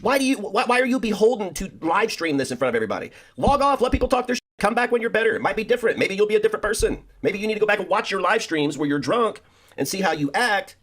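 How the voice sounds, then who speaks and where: A man's voice: sits high, expressive, fast, a bit bright. A man commentator lecturing bluntly and preachily, giving advice to a streamer.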